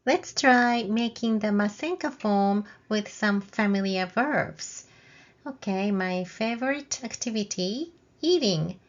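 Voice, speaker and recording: In a slow, clear video lesson with dull audio, a woman speaking at medium pitch teaches a language. She breaks down grammar step by step, then models example phrases with a rising question intonation for learners to echo.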